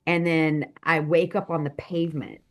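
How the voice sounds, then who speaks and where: A woman guest telling a personal story in an expressive, animated way, swinging between hushed and loud. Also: low voice, normal speed. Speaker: guest, author and speaker. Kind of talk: animated storytelling in a podcast interview.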